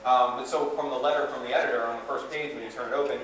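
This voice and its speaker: A man giving a live seminar talk to an audience in a conference room, energetic and conversational with plenty of fillers and asides. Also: medium pitch, racing. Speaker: guest speaker. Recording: echoey room from far off, faint hiss.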